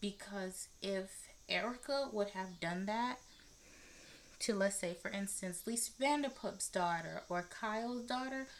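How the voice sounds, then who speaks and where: A woman hosting a casual talk podcast, giving blunt and animated commentary and swearing freely. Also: medium pitch, measured pace, slight background noise. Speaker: podcast host. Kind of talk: casual commentary on celebrity news.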